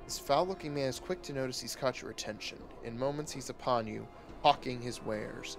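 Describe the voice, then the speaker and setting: A man streaming a game who reads its text aloud in a steady, measured way. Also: mid-range voice, gravelly, music in the background.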